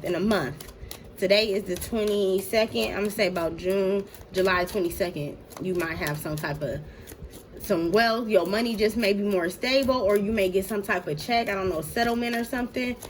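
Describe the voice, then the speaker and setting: A woman's voice: medium pitch, fairly quick, a little hiss or hum. A woman giving a casual tarot reading to her viewers. She talks in a blunt, slangy, profane way, addresses them directly, and laughs often. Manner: slangy, talks straight to "y'all". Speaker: tarot reader.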